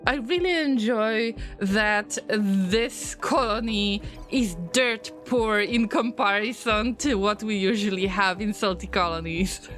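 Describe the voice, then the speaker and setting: A woman streaming a game, chatting casually with viewers, easily distracted and prone to sudden excited alarm. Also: medium pitch, slow pace, faint music behind. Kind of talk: casual live-stream gameplay commentary.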